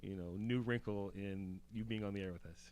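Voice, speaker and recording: A man's voice: on the low side, steady tone, brisk, a little mellow, smooth, dry recording. A man hosting a comedy talk show, rambling and teasing with lots of "like" and false starts. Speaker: host.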